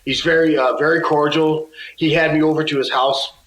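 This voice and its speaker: A man's voice: fairly high pitch, steady tone, brisk, fairly bright tone, roomy sound, slight background noise, low-quality recording. A man guesting on an interview, telling stories in a casual way and acting out the other people's lines. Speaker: musician guest.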